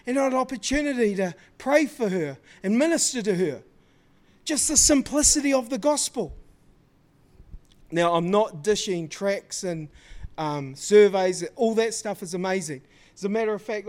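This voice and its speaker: A male preacher with a notably high voice. He preaches casually, tells stories and acts out the lines people said, with plenty of slang thrown in. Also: moderate pace. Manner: lively storytelling, acting out quoted dialogue; casual, slangy talk to the congregation. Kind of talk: sermon.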